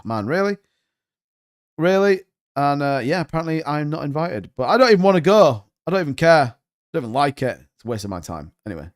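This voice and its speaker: Chatty man hosting a crypto stream. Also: fairly high pitch. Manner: chatty, rambling, jokey asides to chat. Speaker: crypto livestream host. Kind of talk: casual live-stream commentary.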